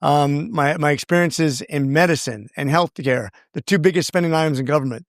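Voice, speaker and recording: An earnest man talking at length as a guest on an interview show, circling back and restarting his sentences as he goes. His voice sits fairly high for a man. The sound is dry and close, with no room echo. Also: a little fast. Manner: earnest, rambling, with many restarts. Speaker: congressman guest. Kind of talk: casual interview storytelling.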